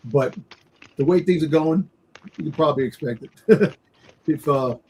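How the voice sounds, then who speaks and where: A man co-hosting a casual wrestling podcast, excitable and rambling, often repeating words. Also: a little high, measured pace, slight background noise. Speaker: podcast co-host.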